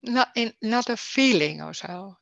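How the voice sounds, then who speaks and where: A woman hosting a spiritual talk on a video call, searching haltingly for words with many restarts. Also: a little high, lively intonation, creaky, dry recording. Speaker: non-duality talk host. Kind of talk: casual spiritual conversation over video call.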